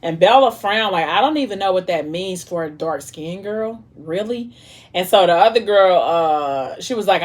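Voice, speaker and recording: A woman's voice: lowish voice, moderate pace. A young woman vlogger casually retelling a book's plot, acting out the characters' lines with lots of slang and drama. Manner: animated, dramatic retelling with quoted dialogue and slang. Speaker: mukbang vlogger retelling a book. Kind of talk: casual storytelling chat.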